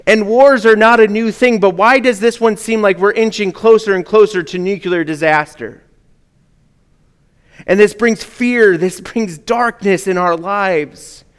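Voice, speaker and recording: Male pastor preaching a slow, earnest sermon, clear voice, long hall echo. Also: high voice. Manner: earnest, drops to a hush at key words.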